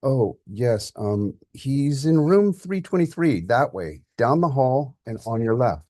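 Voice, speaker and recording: A man's voice: medium pitch, big pitch swings, slow pace, mellow, dry recording, clean studio sound, pitched above the performer's own voice. A man voicing a polite, helpful hospital nurse giving directions.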